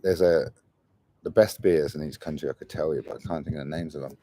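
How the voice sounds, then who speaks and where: A man's voice: very deep voice, fast, mellow, no echo. A man in his forties, a travel vlogger chatting casually on a livestream, rambling and calling his viewers mate. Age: 40s. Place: traveling in Argentina.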